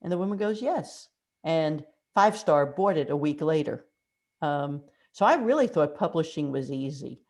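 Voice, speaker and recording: Low-voiced woman telling lively stories. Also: moderate pace. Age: older. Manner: animated anecdotal storytelling with acted-out quotes. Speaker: mystery author guest. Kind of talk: conversational storytelling interview.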